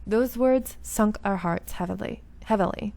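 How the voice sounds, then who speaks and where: A woman's voice: medium pitch, measured pace, creaky, mellow. A woman reading visual novel narration aloud and breaking off into chatty, self-deprecating asides.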